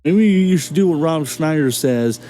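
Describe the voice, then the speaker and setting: Ranting man, mellow voice. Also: a little high, expressive, moderate pace, slight background noise, poor audio. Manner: indignant, heavy swearing, ranting. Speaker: host reacting to videos. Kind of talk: profane reaction commentary.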